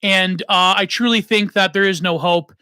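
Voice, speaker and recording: A man hosting his own show in a loose, rambling monologue. His voice is high and bright, and the sound is dry and close with no room echo. He talks in an opinionated way, with many restarts. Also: fairly even intonation, normal speed, smooth. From Canada. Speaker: host. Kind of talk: casual monologue.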